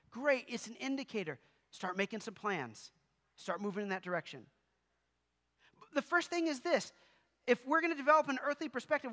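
A man's voice: very high voice, expressive, a little fast, pushed and bright, big-room sound. A male pastor preaching a sermon in a church, talking conversationally with humorous asides. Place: church sanctuary.

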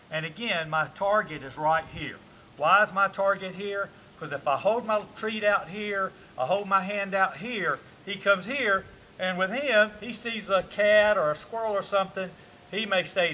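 Bright, high Southern man training a dog. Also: a little hiss or hum. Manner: explains to camera while working a dog, switching to short commands. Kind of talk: outdoor training demonstration. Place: outdoors.

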